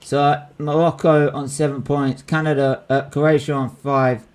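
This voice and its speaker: A young man talks through a live football match at home, calling everyone "bruv" and swearing as the action unfolds. His voice sits a touch high and gets excitable on the big moments. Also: unhurried, clear, resonant tone. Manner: excitable, swears freely, says "bruv" a lot. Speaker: host of a live football watchalong. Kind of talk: casual live match reaction chat.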